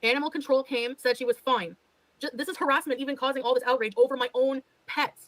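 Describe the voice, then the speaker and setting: A woman's voice: high-pitched, steady tone, fast, a bit bright, dry recording, rough recording. A woman ranting defensively on a livestream, exasperated and swearing as she talks. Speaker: livestreamer being reacted to. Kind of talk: heated livestream rant.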